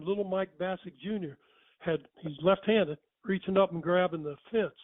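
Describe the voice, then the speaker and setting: An older man tells stories casually, rambling, correcting himself, and chuckling along the way. His high-pitched voice moves fairly quickly, with no echo, and the recording has a tinny, phone-like sound.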